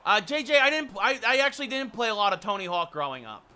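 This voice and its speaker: This streamer talks fast in a high voice while chatting with viewers on his livestream. Playing a hockey video game, he moves from chatty banter into excited play-by-play.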